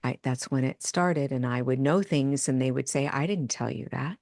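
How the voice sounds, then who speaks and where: A woman's voice: very deep voice, moderate pace, no echo, clean studio sound. An older woman, a medium and addiction counselor, telling her story in a podcast interview and acting out remembered dialogue. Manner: animated, acts out remembered dialogue.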